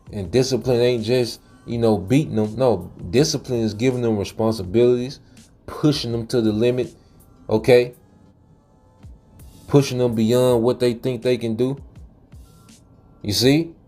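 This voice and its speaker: Preachy man with a dark mellow voice. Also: medium pitch, measured pace, long pauses, faint music behind. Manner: preachy, repeats "man" and "okay"; frequent laughs and fillers. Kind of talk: casual monologue.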